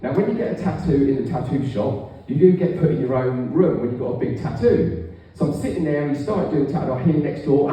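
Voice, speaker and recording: A middle-aged man doing a stand-up routine, telling stories in a deadpan way with raunchy punchlines, on a comedy club stage. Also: fairly high pitch, fast talker. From England. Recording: echoey room, far from the mic.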